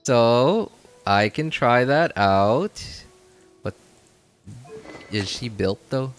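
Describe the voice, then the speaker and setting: A man's voice: medium pitch, animated, extremely slow, soft background music. A man streaming a video game, chatting casually and rambling, with frequent self-corrections and laughs. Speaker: gaming streamer. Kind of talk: casual gameplay commentary.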